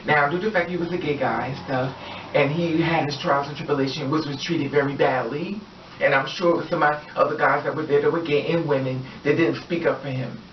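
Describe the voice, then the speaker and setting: A woman's voice: sits low, steady tone, fairly quick, slight background noise. Heated, profane woman vlogger, echoey room. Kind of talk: personal vlog rant. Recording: echoey, distant, dull-sounding room recording.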